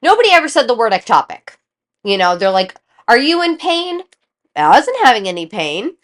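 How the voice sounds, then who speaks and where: A woman's voice: fairly high pitch, normal speed. A woman, co-hosting a casual chat show and telling a personal story, swearing freely and acting out the voices of the people in it. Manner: animated, swears freely, acts out quoted voices. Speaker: podcast co-host.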